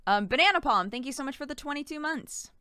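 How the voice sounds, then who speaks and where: A woman streamer chats casually and thanks subscribers with giggles. Her voice is bright and lively, rising and falling a lot. The sound is crisp and dry. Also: high-pitched, fast, dry recording. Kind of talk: casual live-stream chat.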